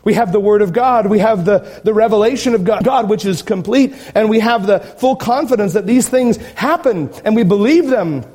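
A man's voice: high-pitched, normal speed, few pauses, warm tone. A male pastor preaching a sermon, emphatic and fired up, with sarcastic asides.

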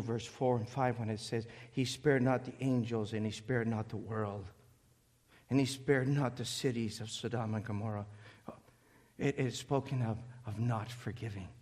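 A male preacher delivering a sermon, swinging between shouted passages and quiet, intense reading of scripture. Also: mid-range voice. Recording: echoey hall.

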